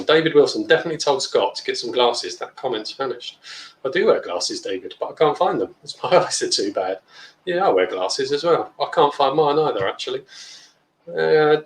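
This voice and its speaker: A man's voice: mid-range voice, reverberant, rough recording. A man hosting a casual live beer review, chatting bluntly and reading out viewer comments. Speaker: beer review channel host. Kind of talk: casual live-stream chat.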